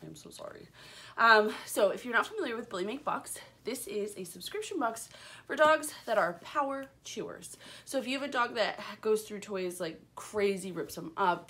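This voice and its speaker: A woman's voice: mid-range voice, fairly bright tone. A woman chatting casually and upbeat as she unboxes and reviews a product, with lots of ums. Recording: audible background noise.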